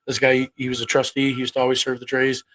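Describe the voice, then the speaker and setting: A man's voice: mid-range voice, completely flat delivery, fast talker, fairly bright tone, a little hiss or hum, rough recording. A man in his thirties hosting a casual livestream, rambling and cursing bluntly as he talks to his viewers. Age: 30s. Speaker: livestream host.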